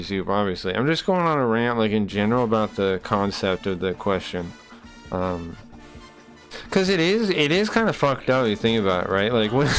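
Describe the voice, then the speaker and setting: A man streaming live, chatting casually with his viewers in rambling, profane rants that keep breaking off and restarting. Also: medium pitch.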